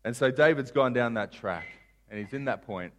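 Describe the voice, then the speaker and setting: Man, pastor, sermon, animated storytelling, loud and soft swings, mid pitch. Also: moderate pace, slight background noise. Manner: storytelling, acting out characters with wide swings in loudness.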